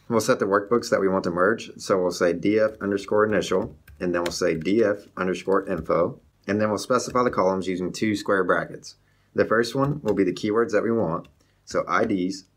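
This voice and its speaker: Man calmly walking through code. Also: deep voice. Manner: steady step-by-step explaining. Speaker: coding tutorial host. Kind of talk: screen-recorded coding walkthrough.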